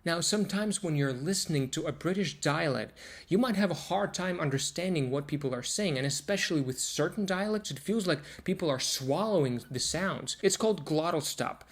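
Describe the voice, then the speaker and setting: A man teaching a pronunciation lesson to camera, explaining step by step and repeating example words slowly to demonstrate sounds. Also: a little high, animated.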